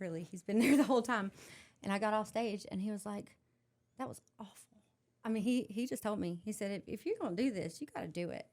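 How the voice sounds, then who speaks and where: A woman's voice: medium pitch, darkish tone. A woman singer with a Southern US accent, tipsy and chatting as a podcast guest, laughing often and swearing freely. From North Carolina, US. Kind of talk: casual chat.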